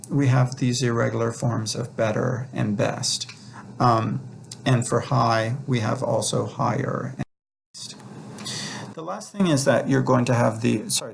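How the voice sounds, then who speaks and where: Creaky-voiced man giving a relaxed lecture. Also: mid-range voice, a little slow, a little hiss or hum. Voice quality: gravelly, creaky. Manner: relaxed, many fillers and restarts. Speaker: instructor. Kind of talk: recorded lecture walking through slides.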